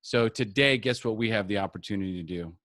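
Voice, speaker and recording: A man's voice: lowish voice, quick pace, fairly bright tone, dry recording, studio quality. A middle-aged man leading a live group recovery coaching session, talking earnestly and repeating key phrases for emphasis.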